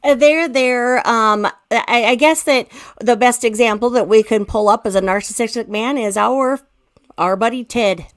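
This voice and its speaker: A woman from the American Pacific Northwest with a fairly high voice, talking in a relaxed, casual way. She tells stories and explains with vivid examples. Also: moderate pace. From Pacific Northwest, United States. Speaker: guest explaining narcissism. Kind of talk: casual chat.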